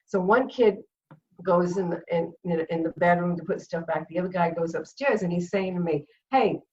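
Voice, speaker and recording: A middle-aged woman with a Rhode Island accent, a comedian and former cheerleader, is a guest on a video chat show. Her voice is lowish and her pace normal, but the recording is muffled and picked up from a distance. She tells a story with animated energy, laughing often and acting out the quotes.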